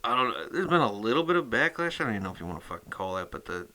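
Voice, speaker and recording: A man's voice: mid-range voice, big pitch swings, racing, pushed and bright. A man hosting his metal music channel in a rambling casual chat, cursing constantly and full of fillers.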